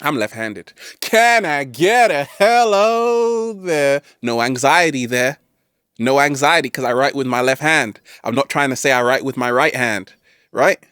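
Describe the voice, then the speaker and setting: A man hosting a self-help video, giving an animated, playful motivational talk to camera. He keeps asking "right?" and throws in jokey catchphrase asides. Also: medium pitch, moderate pace, clean tone, dry recording, clean studio sound.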